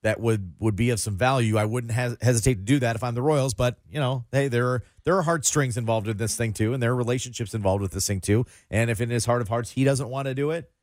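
A man's voice: medium pitch, fast talker, few pauses, no room sound, clean studio sound. Hesitant man co-hosting sports radio. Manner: hesitant, restarts often.

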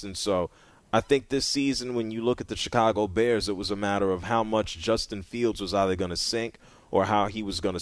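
A man's voice: fairly low pitch, no room sound. Dry-voiced male sports radio host. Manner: conversational, stammers and repeats words. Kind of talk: casual sports talk radio. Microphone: studio microphone.

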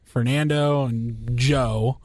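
A man's voice: mid-range voice, steady tone, slow, crowd noise. A man on a sports talk radio panel who chats casually and asks questions.

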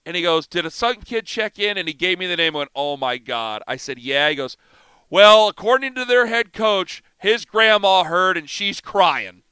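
A middle-aged man hosting sports talk radio, telling a story in an animated, self-mocking way. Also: sits high, moderate pace, clean tone, no echo. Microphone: studio microphone.

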